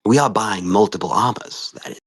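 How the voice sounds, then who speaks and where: A man voicing a male adventurer who speaks for his group, flattering and persuading a merchant. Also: lowish voice, fairly quick, husky, dry recording. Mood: persuasive. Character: smooth-talking male adventurer, the group's spokesman.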